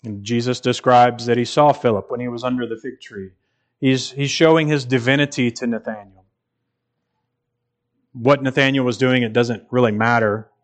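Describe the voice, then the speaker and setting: A man's voice: medium pitch, steady tone, normal speed. A man preaching a sermon in an earnest, emphatic way, repeating phrases for stress.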